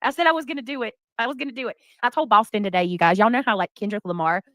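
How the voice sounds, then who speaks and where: A woman's voice: a little high, racing, fairly bright tone, no room sound, clean studio sound. A woman hosting a casual livestream, greeting chatters by name. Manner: greets chatters by name, breaks into bits of song. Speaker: livestream host.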